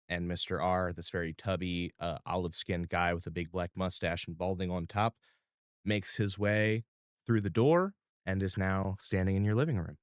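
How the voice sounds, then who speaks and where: A man's voice: low-pitched, clear, resonant tone, no echo, studio quality. A man narrating as game master in a loose, descriptive way, with fillers.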